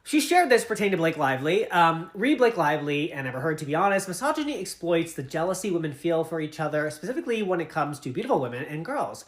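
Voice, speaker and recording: A woman's voice: sits low, big pitch swings, fast talker, few pauses. A woman giving opinionated, emphatic celebrity gossip commentary.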